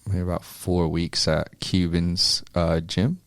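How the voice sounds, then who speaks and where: A man's voice: deep voice, flat delivery, takes it slowly, no room sound. A man chatting casually as an interview guest, laid-back and rambling, with frequent ums and swearing. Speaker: amateur boxer, interview guest. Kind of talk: casual chat.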